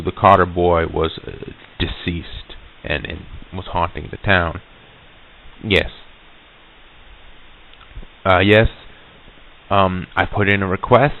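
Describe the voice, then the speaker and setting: A shaken vending serviceman recounts his story with stops, stammers and restarts, as a man plays him. His voice sits very low and comes through thin and tinny, like an old reel-to-reel tape recording. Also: slight background noise. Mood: uneasy. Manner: halting, stammering, full of restarts and fillers. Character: shaken male vending serviceman recalling a haunting. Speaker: vending machine route worker giving a recorded account. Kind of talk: hesitant spoken recollection on tape.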